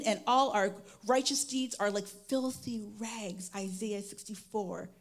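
A woman preaching a sermon, reading scripture aloud with playful call-and-response asides to the congregation. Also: sits high.

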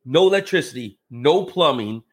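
A man telling a story as a podcast guest, acting out the people in it with lively jumps in his voice. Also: moderate pace. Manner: animated, acts out quotes with big pitch jumps. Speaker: podcast guest, real estate investor. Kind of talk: casual storytelling in conversation.

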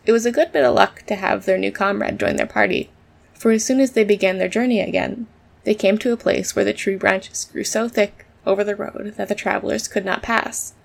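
Female storybook narrator, steady delivery with a creaky edge. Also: medium pitch, a little fast. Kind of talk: storybook reading.

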